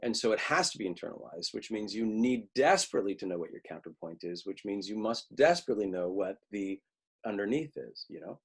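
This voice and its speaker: Male acting teacher, low and husky, loose webinar talk with restarts, dialogue acted out in passing. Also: expressive, a little fast. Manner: conversational, restarts often, acts out quoted lines. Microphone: video call.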